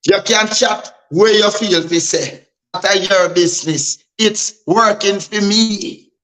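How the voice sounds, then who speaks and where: A man's voice: sits high, slow, fairly bright tone, low-quality recording. A man from Guyana with a Guyanese Creole accent, a DJ guest speaking bluntly and emphatically in an interview. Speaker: DJ and artist guest. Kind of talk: candid interview talk.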